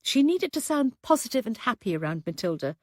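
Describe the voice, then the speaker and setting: A woman narrating an audiobook in a measured, even storytelling manner, recorded close to the mic. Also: on the high side, no room sound.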